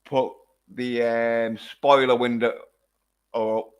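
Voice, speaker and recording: A man's voice: mid-range voice, flat delivery, takes it slowly, clean tone. A man giving a casual, rambling film review on a livestream, swearing constantly as he talks. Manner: rambling and heavily profane.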